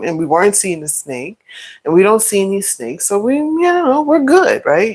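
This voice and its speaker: A middle-aged woman, telling a story in a casual chat while cooking, with animated exclamations. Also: mid-range voice, normal speed, husky, poor audio. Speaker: vlogger.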